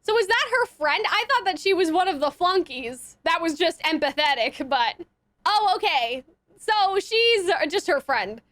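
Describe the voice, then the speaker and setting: Young woman, twenties, very high and bright, dry close sound, giggly chatty reactor. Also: animated, unhurried, dry recording. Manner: chatty, giggly, lots of fillers. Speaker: anime reaction youtuber. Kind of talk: casual reaction commentary.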